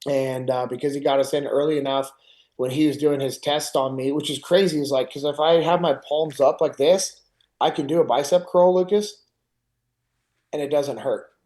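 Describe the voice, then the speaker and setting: A man's voice: a little high, moderate pace. A middle-aged man hosting a podcast, casually telling a personal story and acting out other people's lines. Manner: animated retelling, acts out others' lines. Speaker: podcast host.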